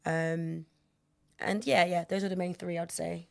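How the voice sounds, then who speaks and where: A woman's voice: lowish voice, fairly even intonation, a little slow, gravelly, a little mellow. A woman co-hosting a casual podcast chat, playful and teasing.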